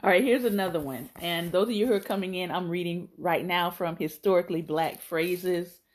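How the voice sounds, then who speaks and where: A woman's voice: fairly low pitch, a little fast. A woman podcast host reading entries from a phrase book aloud on a live stream, laughing and adding chatty asides to her viewers.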